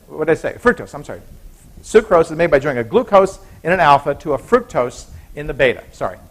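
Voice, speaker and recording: A man's voice: fairly high pitch, lively intonation, fast. A man giving a university biochemistry lecture in a chatty way, often stopping to correct himself. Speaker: biochemistry professor.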